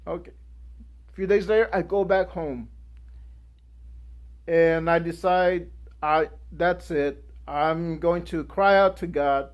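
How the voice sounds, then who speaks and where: A young man giving a guest speech, telling a personal story in an animated way and acting out the people in it. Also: on the high side, takes it slowly, pauses often. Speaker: guest speaker.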